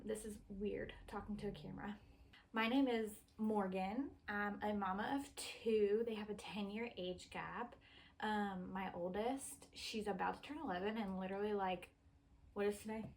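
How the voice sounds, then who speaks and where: A woman's voice: mid-range voice, slight background noise, rough recording. A woman in her thirties, a mother and vlogger, rambling casually to the camera with a lot of swearing and filler words. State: a bit out of breath. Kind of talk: casual talking-to-camera chat.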